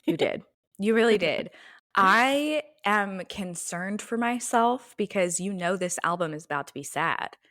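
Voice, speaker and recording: A woman's voice: mid-range voice, animated, measured pace, a bit bright, dry recording, clean studio sound. A young woman co-hosting a casual podcast, chatting with laughs and trailing asides. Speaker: podcast co-host. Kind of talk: casual chat.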